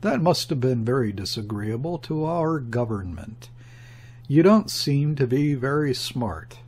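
Sneering grim diplomat, a man reading it, slow and husky, condescending, audiobook. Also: medium pitch, animated, a little mellow. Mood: scornful. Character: mocking condescending male embassy first secretary.

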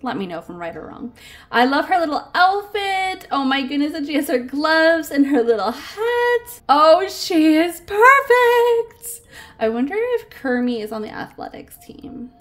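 A woman's voice: sits high, sing-song, moderate pace. A woman hosting a casual toy unboxing, gushing and giggling over each cute figure.

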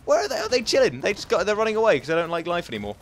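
A young man chatters through gameplay commentary in a goofy, playful way. His voice sits a little high and swings widely, from sudden shouts down to quiet muttering. A faint hiss of background noise runs underneath. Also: very animated, racing. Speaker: gaming commentator.

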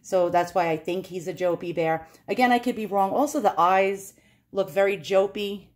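A woman's voice: mid-range voice, moderate pace. A woman in her forties chatting casually as she shows items from her collection, laughing often and poking fun at herself. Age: 40s. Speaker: collector vlogger. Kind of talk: casual show-and-tell vlog.

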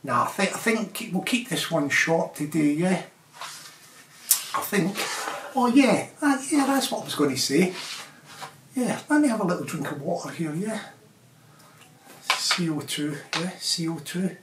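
A man's voice: sits high, expressive, measured pace, long pauses, a bit bright, a little hiss or hum. A man vlogging in a rambling, casual monologue, chuckling and tacking on tag questions. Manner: chatty, repeats tag questions, chuckles often. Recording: roomy, distant from the mic.

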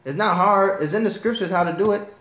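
Male preacher, slightly high voice, impassioned sermon delivery, echoey room. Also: fast talker, a bit bright. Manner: impassioned, rising to righteous anger. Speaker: preacher teaching a class. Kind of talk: sermon with scripture reading.

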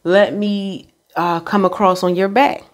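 A woman voicing a sly snake in a spoken fable, pleading in a hushed, hurried way. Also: medium pitch, fairly even intonation, lightly acted. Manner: pleading, then smug.

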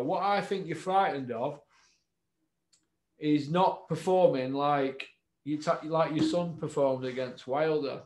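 A man from Doncaster with a Yorkshire accent, hosting his own boxing channel. He talks in a somewhat high voice with a confrontational, taunting edge. His voice rings around an echoey room. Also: unhurried, a little mellow. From Doncaster, England. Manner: confrontational, taunting, repeats the name he addresses. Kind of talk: direct-to-camera challenge monologue.

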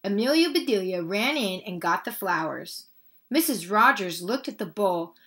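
Animated woman reading a children's book. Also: medium pitch, normal speed. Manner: animated and expressive, addresses young listeners. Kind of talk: children's read-aloud narration.

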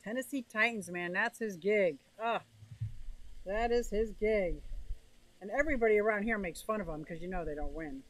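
A woman's voice: mid-range voice, fast talker, few pauses, rough recording. A woman hosting a casual livestream, chatting and greeting viewers by name as she reads their comments. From northeastern United States. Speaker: livestream host reading chat.

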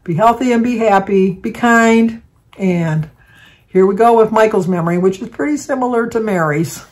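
A woman's voice: mid-range voice, moderate pace, darkish tone. An older woman vlogger chatting casually, rambling through a family story with false starts and asides. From Michigan, United States.

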